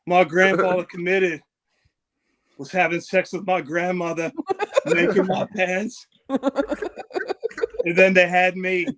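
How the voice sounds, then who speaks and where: A brash, swaggering Australian fisherman who brags about himself nonstop, as a man puts on the act. He speaks in a thick put-on Aussie accent, a little higher in pitch than most men. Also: slow pace, pauses often, a bit bright. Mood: boastful. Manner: cocky, swaggering, full of bluster. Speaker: guest. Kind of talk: comedic character bit.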